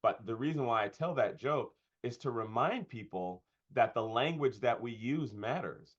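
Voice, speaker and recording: A pastor and comedian speaking in a conversational interview, thoughtful and often pausing with fillers and restarts. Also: male voice, mid-range voice, lively intonation, slightly rough. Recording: dull lo-fi sound.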